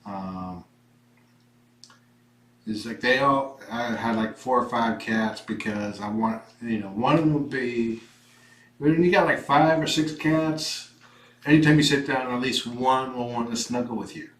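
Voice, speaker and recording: A man talking in a relaxed, rambling way, now and then joking. He sits well back from the microphone in a roomy indoor space, so his mid-pitched voice comes across distant and echoey. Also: measured pace. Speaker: kitten foster parent filming a cam video. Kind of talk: casual chat. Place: indoor room with foster kittens. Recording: roomy room, far from the mic.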